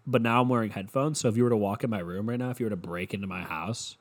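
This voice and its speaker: A man's voice: fairly low pitch, quick pace. Stuffy young guy with a cold, cussing and rambling on his podcast, mic right up close. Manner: profane, sarcastic, rambling. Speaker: podcast host. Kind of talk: casual solo podcast rant. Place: his room at home. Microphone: handheld mic held close to the mouth.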